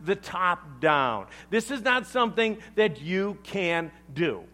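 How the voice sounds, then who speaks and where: A man preaching who quotes a teacher figure, insistent and pleading, a little higher than his own talk. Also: very animated, slow pace, bright, forceful tone, faint music behind, heavily acted. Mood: urging. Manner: pleading, insistent, faintly incredulous. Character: earnest, urging male teacher addressing a pupil.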